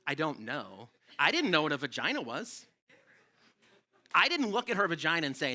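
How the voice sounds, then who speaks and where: Middle-aged guy doing stand-up, fairly high voice, really bright and punchy, swears constantly and rambles. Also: sing-song, fairly quick. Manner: rambling, profane, self-deprecating. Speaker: stand-up comedian. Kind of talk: live stand-up set. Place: comedy club stage.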